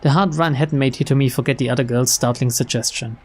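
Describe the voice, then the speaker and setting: A young man reading a visual novel aloud, mixing flat narration with casual, chuckling asides. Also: medium pitch, fast talker. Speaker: let's player.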